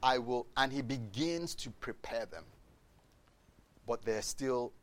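Animated man preaching a sermon. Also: medium pitch, slow pace. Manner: animated storytelling, acts out voices of people in the story; addresses the congregation directly with questions.

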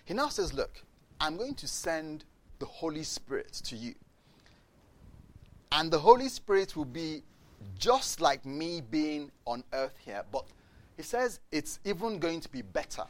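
A man preaching a sermon, telling the story in a lively way, asking the congregation questions and acting out the voices of the people in it. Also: fairly high pitch, a little slow, long pauses. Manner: addresses the congregation directly with questions.

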